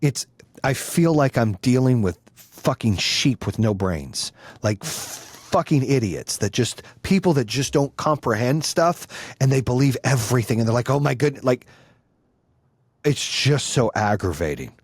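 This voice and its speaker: A man's voice: mid-range voice, expressive, a little slow, breathy edge, dry recording. A middle-aged man talking as a podcast guest in casual conversation, blunt and heated, swearing freely and repeating his points for force.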